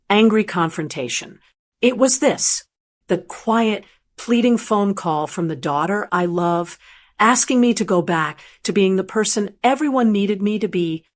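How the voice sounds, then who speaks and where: A woman narrating a first-person family story aloud in a calm, measured, reflective way. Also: mid-range voice.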